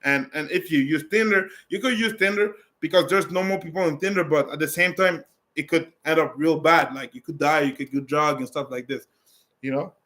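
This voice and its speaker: A man's voice: a little high, brisk, fairly bright tone. A man vlogging in a casual, rambling way as he answers viewer questions, talking bluntly with many restarts and fillers. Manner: blunt and direct.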